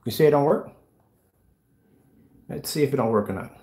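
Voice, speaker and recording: Very animated and fast-talking, a man with a fairly high yet dark-toned voice hosts a casual livestream connected to his DIY projector screen paint videos. He replies to viewers' comments brashly, teasing and trash-talking them while mock soothing them.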